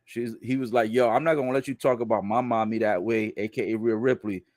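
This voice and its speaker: A man giving a casual live recap of a wrestling show, relaying what is said in the ring and reacting with laughs and loud exclamations. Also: on the low side, fairly even intonation, fairly quick, dry recording, clean studio sound. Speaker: live wrestling watch-along commentator.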